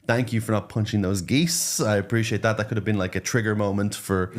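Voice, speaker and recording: A man hosting a comedy podcast, upbeat and quick to laugh as he chats with his guest. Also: on the low side, fairly even intonation. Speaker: podcast host. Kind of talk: casual chat.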